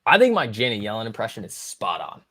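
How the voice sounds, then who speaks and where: A man's voice: fairly low pitch, wildly swooping pitch, fast talker, sharp tone. A man hosting a stock market livestream, chatting casually, joking and swearing as he reacts to his viewers. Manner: joking, profane, reacting to chat.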